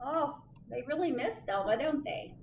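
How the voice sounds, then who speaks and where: A woman's voice: high voice, sing-song, takes it slowly, pushed and bright, dull audio, slight background noise. A woman librarian reading a picture book aloud at children's storytime, sing-song and asking the children questions.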